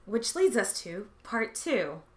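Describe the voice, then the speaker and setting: A woman's voice: mid-range voice, sing-song, slow, a little mellow, a little hiss or hum. A woman hosting a history podcast, telling a comedic scripted monologue with sarcastic asides, swearing and silly quoted voices. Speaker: podcast host.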